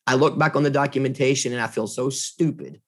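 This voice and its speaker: A man, a guest in a conversation, telling a personal story in an animated, earnest way. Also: mid-range voice, brisk.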